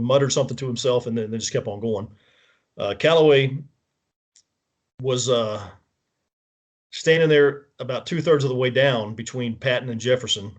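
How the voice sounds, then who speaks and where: A man speaking as a guest on a talk show, walking through events in order and checking in with the listener as he goes. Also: mid-range voice. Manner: detailed step-by-step recounting, checks in with the listener; frequent restarts and self-corrections. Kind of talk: casual spoken walkthrough of events.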